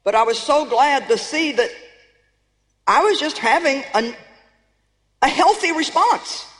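An older woman preaching a sermon to a congregation, emphatic and animated as she rallies her listeners. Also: high-pitched, measured pace. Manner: emphatic, animated, rallying the audience. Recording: reverberant hall.

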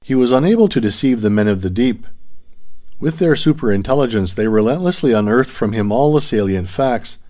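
A man's voice: mid-range voice, expressive, brisk, warm tone. Man narrating an old adventure story. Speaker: audiobook narrator. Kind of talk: scripted narration.

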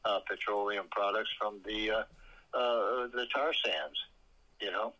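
Husky low man on radio talk. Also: pushed and bright, rough recording. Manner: halting, many uhs, blunt opinions. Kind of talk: casual political talk.

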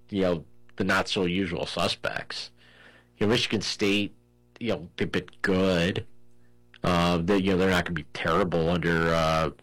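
A man's voice: low voice, fairly bright tone, rough recording. A man hosting a casual sports chat, thinking aloud with many "you know" fillers and restarts. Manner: rambling, heavy use of "you know" fillers.

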